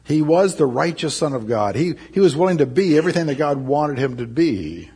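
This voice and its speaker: A man's voice: a little high, very animated, a little fast, hardly any pauses, darkish tone, husky. A man preaching a sermon, emphatic and repeating his key phrases. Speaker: pastor.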